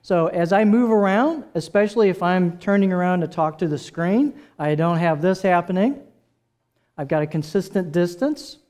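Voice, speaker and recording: Man, slightly high voice, live workshop presenter, conversational, asks audience questions, handheld and headset mics. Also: moderate pace, a little mellow. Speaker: presenter teaching microphone technique. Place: presentation room with a sound system. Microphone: handheld and headset microphones, switched during demo.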